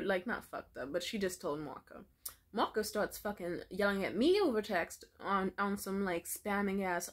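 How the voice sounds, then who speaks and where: Young woman ranting casually, profanity-laced. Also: mid-range voice. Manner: profane, heavy filler words, animated retelling. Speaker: vlogger. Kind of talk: casual storytelling rant.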